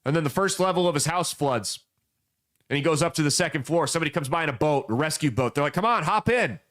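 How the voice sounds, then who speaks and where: Higher-voiced man in blunt political commentary. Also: fast talker, a bit bright. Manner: folksy, emphatic storytelling. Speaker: podcast host.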